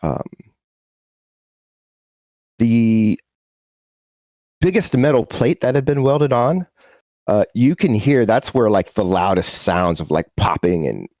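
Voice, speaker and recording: A man's voice: fairly low pitch, dark tone, no echo. A man running a tabletop game, narrating casually with frequent fillers. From United States. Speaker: game master.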